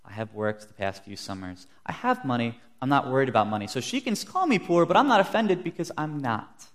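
A man's voice: mid-range voice, big pitch swings, brisk, fairly bright tone. A young man preaching a sermon, earnest, telling stories and acting out the quotes he gives. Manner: earnest, storytelling with acted-out quotes.

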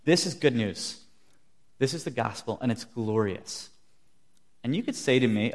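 A man's voice: mid-range voice, expressive, measured pace, pauses often. A young man preaching a sermon, earnest, telling stories and acting out the quotes he gives. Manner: earnest, storytelling with acted-out quotes.

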